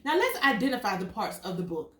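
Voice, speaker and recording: A woman's voice: medium pitch, fast. A woman teacher reading a picture book aloud to young children, acting out the sound words and stopping to quiz them. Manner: expressive storytelling, acts out sound words and quizzes children. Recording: echoey room, mic at a distance.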